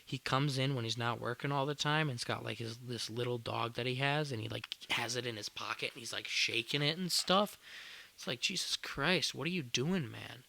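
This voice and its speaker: Gravelly, bright-voiced young man rambling. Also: medium pitch, fairly quick. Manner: rambling, exasperated, swears casually. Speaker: podcast host. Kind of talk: casual storytelling.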